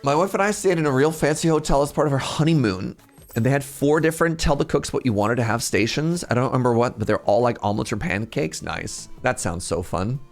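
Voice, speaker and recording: Canadian man, streamer chat, animated storytelling, lively pitch, faint music behind. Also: fairly quick. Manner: animated storytelling, laughing often. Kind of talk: casual live-stream chat.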